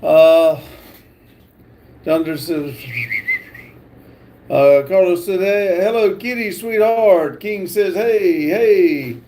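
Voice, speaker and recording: Slow, high-voiced man reading chat. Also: dark tone, a little hiss or hum. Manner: halting, many filler pauses while reading comments. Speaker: livestream host. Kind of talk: reading viewer chat aloud on a livestream.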